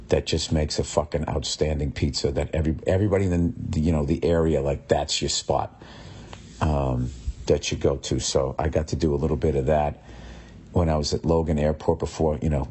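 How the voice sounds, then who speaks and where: Husky, profane comedian ranting casually. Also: male voice, very deep voice, mellow. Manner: profane, exasperated storytelling with mocking impressions. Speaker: comedian podcast host.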